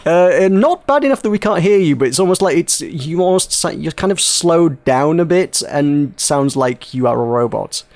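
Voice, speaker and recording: A man's voice: a little high, expressive, normal speed, few pauses, a little mellow. A man hosting a casual video game podcast, rambling, laughing and swearing as he talks. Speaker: podcast host. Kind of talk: casual podcast chat about video games.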